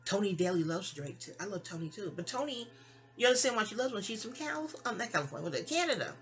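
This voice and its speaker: A woman's voice: mid-range voice, sing-song, fast. A middle-aged woman chats into her phone at home, telling a long personal story. She wanders off on tangents and keeps circling back to her point with casual asides. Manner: rambling, digressive and chatty, with asides. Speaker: vlogger.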